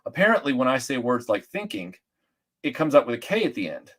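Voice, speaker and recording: A middle-aged man from Atlanta, a guest telling stories in casual chat, rambling and animated with many restarts and fillers. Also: medium pitch, fast.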